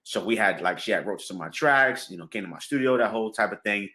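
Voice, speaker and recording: Bright-voiced man telling a story. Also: fairly low pitch, expressive, fast. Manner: laughs often, acts out phone calls. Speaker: music producer and drummer guest. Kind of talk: animated storytelling in a casual interview.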